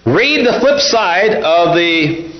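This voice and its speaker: A male pastor preaching a sermon, mixing folksy stories with forceful preaching. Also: high-pitched, very animated, slow. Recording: roomy, dull lo-fi recording.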